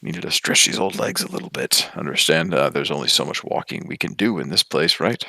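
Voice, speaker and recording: A man's voice: rumbling low, brisk, creaky, pushed and bright, no echo, full character voice. A man voicing an affectionate old grandfather in a tabletop game. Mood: cheerful.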